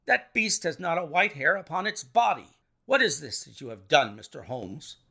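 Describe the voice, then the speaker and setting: A man voicing an agitated older male colonel, a racehorse owner, in a storybook reading, talking in excited, indignant exclamations. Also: a little high, moderate pace, creaky, full character voice.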